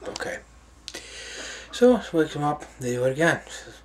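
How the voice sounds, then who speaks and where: A man casually telling jokes in an unhurried way. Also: fairly high pitch, very animated. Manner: unhurried, with fillers and restarts. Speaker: joke teller.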